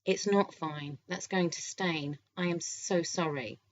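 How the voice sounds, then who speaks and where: A playful young career woman with a teasing wit, voiced by a woman narrating a romance audiobook. Her voice sits low, and she tosses off quick, teasing comebacks. The recording is a little dull and lo-fi. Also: dry recording. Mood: flustered. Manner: teasing, lively, quick retorts.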